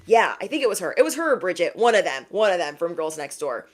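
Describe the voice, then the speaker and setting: A woman giving a casual, chatty tarot reading, acting out the people she quotes in lively voices. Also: on the low side, quick pace, a little hiss or hum. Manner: chatty, animated quoted voices, laughs at own jokes. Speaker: tarot reader.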